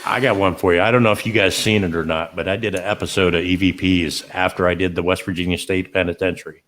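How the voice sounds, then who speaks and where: A man hosting a casual chat, eager and quick to chime in. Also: sits low, fairly even intonation, fairly bright tone.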